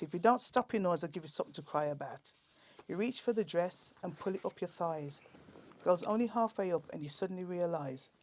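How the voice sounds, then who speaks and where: A woman performing comic rhyming poems in a lively, theatrical way. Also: lowish voice, no echo. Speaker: comic poet guest.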